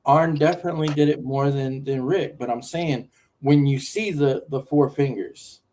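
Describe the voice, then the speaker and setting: A man's voice: mid-range voice, moderate pace, warm tone, a little hiss or hum, rough recording. A man co-hosting a casual wrestling talk show, arguing his point with lists of names and some swearing. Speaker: podcast co-host.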